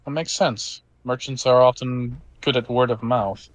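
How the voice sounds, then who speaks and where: A man's voice: mid-range voice, steady tone, unhurried, no echo. A man narrating as game master of a tabletop game, loose and casual, with frequent fillers.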